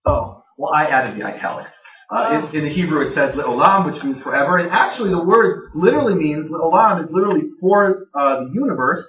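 A man's voice: on the high side, animated, a little fast. A man giving a conversational Bible teaching to a live audience, plain-spoken with dry jokes. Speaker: Bible teacher speaking to a gathering. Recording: dull, echoey room recording from far off.

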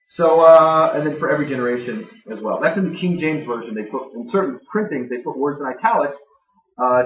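A man giving a conversational Bible teaching to a live audience, plain-spoken with dry jokes. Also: medium pitch. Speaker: Bible teacher speaking to a gathering. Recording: dull, echoey room recording from far off.

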